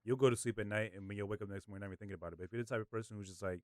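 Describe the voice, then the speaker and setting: A man's voice: lowish voice, fairly even intonation, very fast, a little mellow, no echo, clean studio sound. A man in a casual podcast chat, speaking bluntly and swearing. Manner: blunt, profane.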